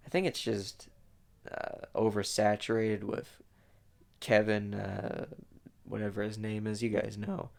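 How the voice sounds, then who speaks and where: Gravelly young man rambling commentary. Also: lowish voice. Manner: rambling, many fillers and restarts. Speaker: fan animator giving commentary. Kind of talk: casual director's commentary.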